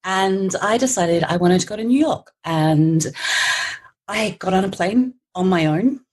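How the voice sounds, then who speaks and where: A woman's voice: medium pitch, a little slow. An Australian woman in her forties, a podcast guest telling a story with frequent laughter and acted-out quotes. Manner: animated storyteller, laughs often, acts out quoted voices.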